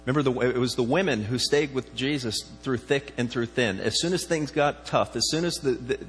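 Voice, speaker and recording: A man's voice: mid-range voice, a little fast, fairly bright tone. A man preaching a sermon, talking in a conversational way and often asking his listeners questions. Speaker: pastor. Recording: reverberant hall with faint mains hum.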